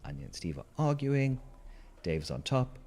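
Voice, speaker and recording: A man's voice: mid-range voice, sing-song, normal speed, darkish tone. A man telling a wry, rambling story to his stream, with asides to the listeners. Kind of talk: casual storytelling while gaming.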